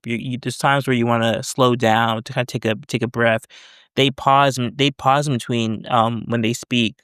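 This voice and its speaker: A developer demoing voice prompts explains his screen casually as he works, rambling and correcting himself in a screen-recorded tutorial. His medium-pitched voice is a bit bright and smooth, recorded at studio quality with no room sound.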